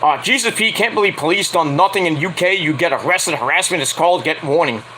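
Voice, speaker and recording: A man on a late-night livestream rants with heated, profane energy. His voice sits high and bright. A faint air-conditioning hum runs underneath. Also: fast talker, rough recording. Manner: profane, heated, fired-up ranting. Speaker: wrestling reviewer and streamer.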